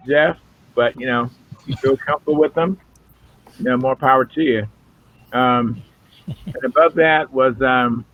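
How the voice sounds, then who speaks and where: A man of middle pitch hosts a relaxed video-call hangout, meandering through his thoughts with plenty of fillers. The audio is narrow and tinny, like a phone line. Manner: rambling, filler-heavy. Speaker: host of a hobby video hangout. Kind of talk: casual chat on a video call.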